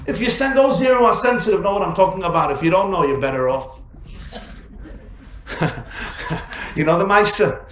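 A man giving a storytelling sermon to an audience, animated and joking as he acts out the tales. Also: high-pitched, moderate pace, pauses often, reverberant. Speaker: preacher.

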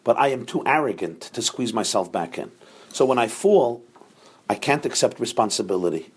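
A man gives a Torah class lecture in a husky, slightly breathy voice pitched in an ordinary male middle range. Expressive and at normal speed, he explains patiently step by step, often pausing to check with his listeners by asking "right?"

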